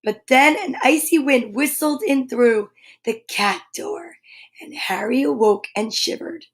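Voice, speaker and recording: A woman reading a children's picture book aloud, expressive and dramatic, dropping to a hush at times. Her voice is high and her pace slow and deliberate. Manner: expressive, dramatic, with hushed and breathy moments. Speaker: comedian and storyteller.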